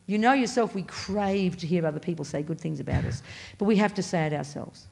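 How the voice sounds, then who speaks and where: Woman teaching buddhism to a class, lowish voice, punchy and blunt, jumps up on key words. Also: fairly quick, creaky, mellow. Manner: emphatic, blunt and playful; pitch leaps up on stressed words. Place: meditation center classroom.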